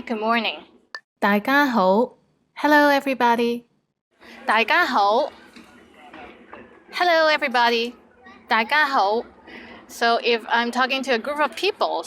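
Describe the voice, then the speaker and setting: A woman's voice: a little high, fairly bright tone, slight background noise. A woman hosting a language video lesson. She is bubbly and draws out her example words. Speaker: language teacher host.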